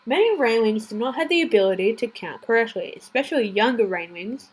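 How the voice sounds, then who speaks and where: A woman with an Australian accent casually reading out facts in a chatty, excitable way, sometimes dropping into whispered asides. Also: a little high, normal speed, breathy edge. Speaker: fan channel host. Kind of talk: casual fact-reading vlog.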